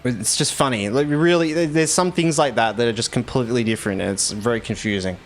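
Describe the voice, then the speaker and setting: A man's voice: mid-range voice, fast talker, slight background noise. Chatty Australian man streaming a game. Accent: Australian, Victorian. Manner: rambling, chatty, laughs easily. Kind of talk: casual stream chat with viewers.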